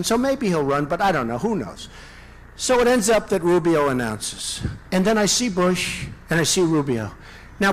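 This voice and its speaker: A man in his sixties with a high, somewhat bright voice, a presidential candidate, gives a campaign rally speech in a large indoor venue, captured on a rough recording. He rambles and repeats himself, adding boastful asides.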